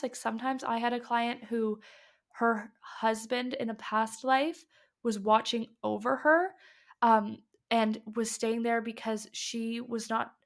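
A young woman who works as a medium, chatting casually on a podcast and acting out the dialogue she quotes. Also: on the high side. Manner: chatty, lots of fillers, acts out quoted dialogue. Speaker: medium and past life regression guide.

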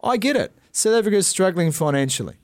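An animated New man co-hosts a sports podcast from a studio. His voice sits fairly high, and he rants with a sarcastic bite. The sound is close and dry. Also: quick pace, no room sound. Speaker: podcast co-host. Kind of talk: casual sports chat.

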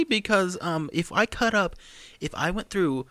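A man's voice: high voice, lively intonation, normal speed, background noise. A young man from the United States co-hosting a podcast, ranting sarcastically in casual chat. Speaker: podcast co-host.

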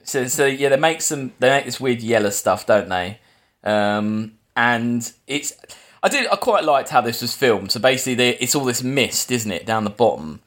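A man co-hosting a relaxed film podcast, talking loosely and repeating himself. He fills gaps with "yeah" and trails off into restarts. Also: medium pitch, normal speed. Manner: chatty, rambling, lots of yeahs and restarts. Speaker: podcast co-host running a quiz. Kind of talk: casual film podcast chat.

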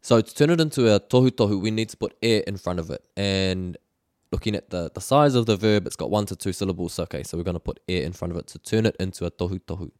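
A man's voice: low-pitched, fast, darkish tone, no room sound, clean studio sound. A man giving a casual spoken language lesson, patient and explanatory, with frequent fillers and repeated words. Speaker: language teacher.

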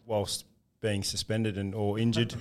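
An easygoing Australian man with a low voice recalls his football career in relaxed conversation. He chuckles now and then as he tells it. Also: unhurried. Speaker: former professional footballer. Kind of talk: casual podcast chat.

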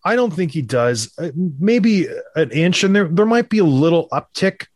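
Animated sarcastic male sports podcaster. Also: fairly high pitch, normal speed, dry recording, studio quality. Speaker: podcast co-host.

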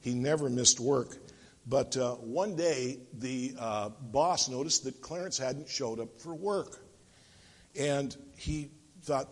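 Husky preacher telling a story in a church hall. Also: male voice, a little high, lively intonation, measured pace. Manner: jokey storyteller, acting out voices in the tales. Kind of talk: sermon with told stories. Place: church sanctuary.

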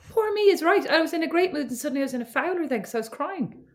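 A woman co-hosting a podcast with her sister, chatting casually, wry and quick to laugh, swearing freely. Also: high-pitched, lively intonation. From Ireland. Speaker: podcast co-host. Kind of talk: casual chat. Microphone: remote recording call.

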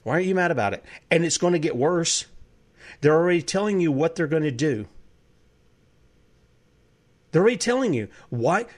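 A man's voice: a little high, lively intonation, normal speed, long pauses. A man hosting a talk show, delivering an impassioned political monologue full of heated rhetorical questions. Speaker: host.

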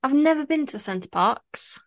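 A woman's voice: sits high, lively intonation, dry recording, clean studio sound. A young woman co-hosting a podcast, chatting casually in an easygoing, teasing way. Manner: easygoing, teasing, quick to laugh. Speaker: podcast co-host. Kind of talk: casual chat.

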